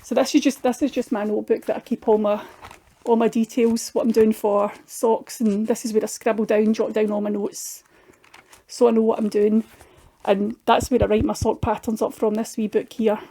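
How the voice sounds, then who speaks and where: Showing off her craft projects, a middle-aged Scottish craft vlogger chats in a homely, casual way, often restarting her sentences. She speaks at normal speed in a voice on the high side, level and dark in tone.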